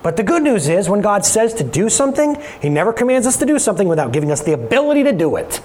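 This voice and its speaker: A man preaching a sermon in an animated, conversational way, talking straight to his congregation. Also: high voice, quick pace. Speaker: pastor.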